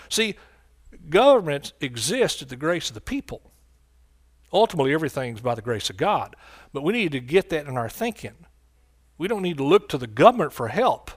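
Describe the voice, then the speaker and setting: A man's voice: a little high, a bit bright. Emphatic American preacher man. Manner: emphatic, repeats phrases, calls out to the audience. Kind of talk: sermon.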